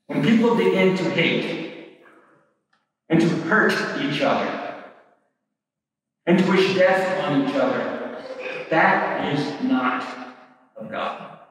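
Slow, emphatic man in an echoey hall. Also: a little high, lively intonation, fairly bright tone, recorded from a distance. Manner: slow, emphatic, rising to fervent peaks. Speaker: speaker at a pro-life event. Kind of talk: impassioned speech.

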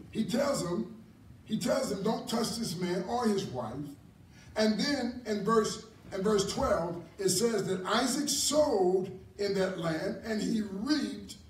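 A man preaching a Bible class in a church hall, animated and repetitive, often chuckling. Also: high-pitched. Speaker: apostle teaching a ministry class. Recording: echoey hall from far off, faint noise.

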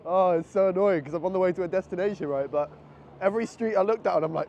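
A man's voice: sits high, fast. Chatty male vlogger walking a city street. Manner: chatty and excitable, thinking aloud. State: a bit out of breath. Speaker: travel vlogger. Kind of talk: casual vlog narration while walking. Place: city streets outdoors and a convenience store. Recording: muffled outdoor camera audio with street noise.

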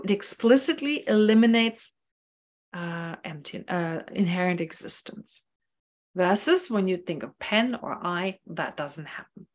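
A woman teaching Buddhist philosophy in an online class, explaining carefully and repeating key phrases. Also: medium pitch. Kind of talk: online lecture. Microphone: online class microphone.

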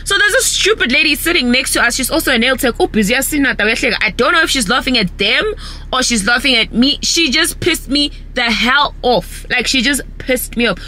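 A young South African woman chatting casually in a vlog, ranting with lively energy. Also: sits high, normal speed, slight background noise. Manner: animated, ranting, switches between English and isiZulu. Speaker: vlogger.

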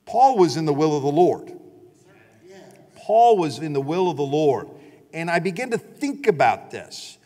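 An emphatic pastor preaching to his congregation, his fairly high man's voice carrying through a church hall with a long reverb. He repeats phrases for weight and keeps calling for the congregation to answer. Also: big pitch swings, moderate pace, darkish tone. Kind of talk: sermon. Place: church sanctuary.

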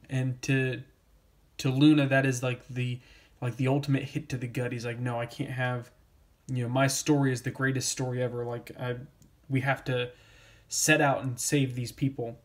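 A man's voice: medium pitch, level tone, normal speed. A man giving a casual comic book review, rambling with many fillers and restarts.

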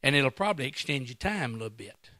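A man preaching a sermon as a guest pastor in a church, swinging into loud bursts and acting out quotes. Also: medium pitch, very animated, fast, dry recording, studio quality.

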